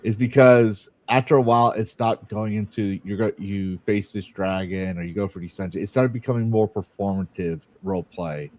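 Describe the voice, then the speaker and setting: A man's voice: on the low side, normal speed, few pauses. A man hosting a casual interview podcast, blunt and opinionated, joking at his own expense. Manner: blunt and opinionated, self-deprecating. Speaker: podcast host.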